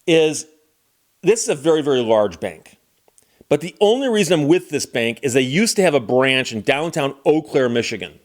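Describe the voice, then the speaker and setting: A middle-aged man with a slightly higher-than-usual voice tells a story in a relaxed, casual monologue. He speaks as a lawyer and host, with a wry, exasperated edge. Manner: exasperated, wry storyteller who acts out quoted dialogue.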